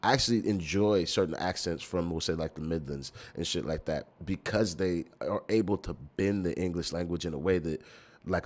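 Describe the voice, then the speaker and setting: A young American man hosting a reaction video, talking bluntly and incredulously with plenty of swearing. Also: sits low. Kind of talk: reaction commentary.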